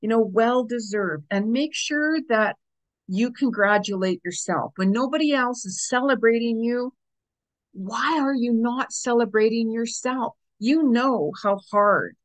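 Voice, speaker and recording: A woman's voice: on the high side, unhurried, low-quality recording. A middle-aged woman giving a casual spiritual reading to her viewers, chatty and repeating phrases as she goes. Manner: chatty, repeats phrases, drifts into soft asides. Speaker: astrology and spiritual reader.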